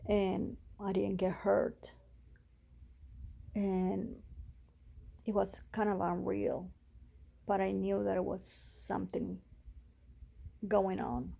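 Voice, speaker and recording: Slow, gravelly-voiced woman telling her story. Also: medium pitch, mellow. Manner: emotional, halting, with pauses and restarts. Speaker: vlogger sharing a personal health story. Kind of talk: personal storytelling vlog.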